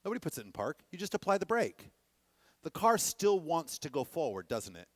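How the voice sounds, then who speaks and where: A man teaching a dance workshop to a class, animated and often checking that the students are following. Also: fairly high pitch, a little fast, no echo. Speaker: dance instructor.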